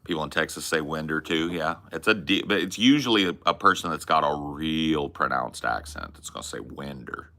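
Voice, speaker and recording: A man's voice: rumbling low, lively intonation, a little fast, hardly any pauses, sharp tone, a little hiss or hum. A man with a Californian accent hosting a podcast, chatting loosely with casual swearing and lots of "bro" and "man". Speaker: podcast host.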